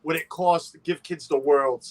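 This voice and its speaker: A man's voice: a little high, fairly even intonation, moderate pace. A man hosting a casual livestream, chatty and playful, greeting viewers by name and teasing his co-host.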